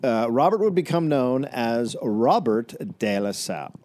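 A man's voice: mid-range voice, sing-song, unhurried, a little mellow. A man co-hosting a comedy podcast, telling a history story in a casual, offhand way with crude asides.

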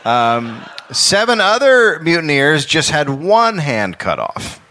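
A man tells a grim history story to a live crowd in a bright, forceful voice. He laughs often and jumps his pitch when quoting people. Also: slow pace. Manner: laughing, animated, swings pitch for quoted voices. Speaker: podcast host telling a history story. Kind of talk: comedic storytelling. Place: live stage before an audience.

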